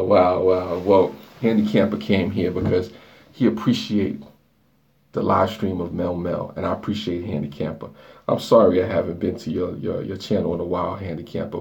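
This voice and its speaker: A man's voice: deep voice, creaky, a little mellow. A man live streaming from his bathroom, chatting loosely with viewers, joking and rambling as he reads their comments aloud. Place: dark bathroom lit by a flashlight.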